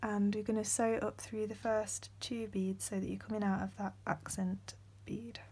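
A young woman, hosting a step-by-step beading tutorial in a soft voice that often drops to a whisper, with frequent ums. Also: medium pitch, flat delivery, moderate pace, husky.

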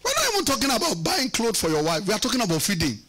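A male pastor preaches with a high voice that swoops up and down with lively energy. He drives his points home with call-and-response questions, teasing asides and punchy repetitions. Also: rapid-fire. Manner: teasing, repeats words for effect. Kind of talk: sermon.

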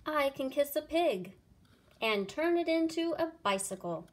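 A woman's voice: high-pitched, lively intonation, measured pace, pitched above the performer's own voice. A woman voicing a boastful, jealous male wizard in a storybook read-aloud, bellowing his brags.

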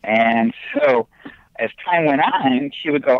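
An excitable man spins his haunted-house tale on a podcast, his voice leaping up high at every twist. The line sounds dull and lo-fi, with no room echo at all. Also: quick pace. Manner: animated, excitable storytelling with big pitch jumps. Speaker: podcast guest. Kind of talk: casual storytelling on a podcast. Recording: dull, lo-fi remote audio.

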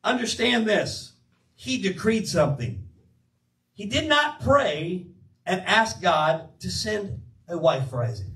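Animated high-voiced older male preacher. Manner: animated, emphatic preaching with quoted asides. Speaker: pastor. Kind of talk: sermon. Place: church sanctuary. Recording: roomy church sound from a distance.

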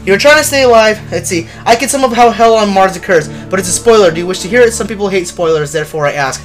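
A livestreamer giving casual horror game commentary, chatty with viewers and prone to loud yelps and nervous laughter. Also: mid-range voice, fast, faint music behind. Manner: chatty, talks to chat viewers.

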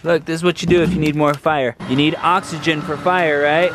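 A fairly high, steady male voice moves along quickly with hardly a pause, with noise audible behind it. The speaker, in his thirties, does research and runs a family vlog, casually chatting at home and out back while explaining things simply and with humor.

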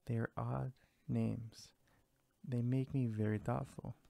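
A man's voice: medium pitch, little pitch movement, slow pace, vocal fry, mellow, dry recording. A man voicing a trusting, good-natured female mouse in a read-aloud fairy tale, asking earnest, puzzled questions.

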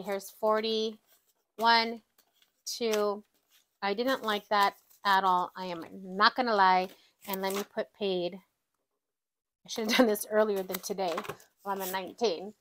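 A woman vlogging at home, counting cash out loud and exclaiming often, calling her viewers "y'all". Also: mid-range voice, a little hiss or hum. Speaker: budgeting vlogger. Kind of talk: casual chat while counting cash.

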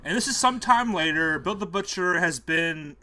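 A man's voice: high voice, moderate pace. A man co-hosting a comedy podcast, riffing playfully and laughing often. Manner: animated, laughs often, jokey asides. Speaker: podcast co-host.

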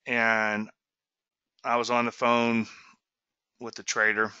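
A man's voice: medium pitch, monotone, slow pace, pushed and bright, clear, resonant tone, dry recording, muffled recording. A man hosting a trading webinar, teaching in an emphatic, folksy way and often asking "okay?" and "so what?". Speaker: trading show host.

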